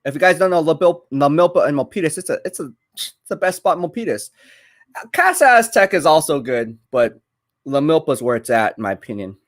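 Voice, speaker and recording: A man's voice: a little high, expressive, fairly quick. A young man chatting casually on a live stream while eating, rambling and reading viewer comments aloud.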